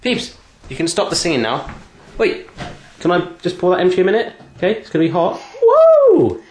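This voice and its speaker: A man's voice: high-pitched, lively intonation, quick pace, roomy sound, slight background noise. A man hosting a casual cooking demonstration in his home kitchen, chatty and teasing as he cooks alongside a child. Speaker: cooking show host.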